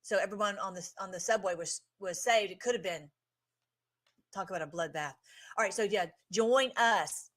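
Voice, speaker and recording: A woman's voice: medium pitch, normal speed, a bit bright. A woman hosting a casual livestream, commenting on clips in an effusive, emotional way with many restarts.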